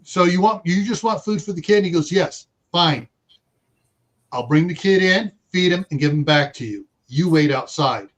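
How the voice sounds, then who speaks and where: High-voiced man rambling through a podcast chat. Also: lively intonation, normal speed, a bit bright, low-quality recording. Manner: rambling, restarts a lot while reasoning aloud. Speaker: podcast guest. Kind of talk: casual podcast discussion.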